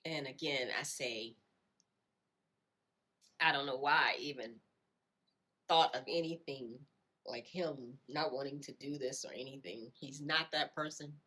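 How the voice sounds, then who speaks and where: A woman telling her own life story in a reflective way, often repeating phrases and filling pauses with "you know". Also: extremely low pitch, bright, forceful tone. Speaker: storyteller sharing her experience. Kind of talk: personal storytelling.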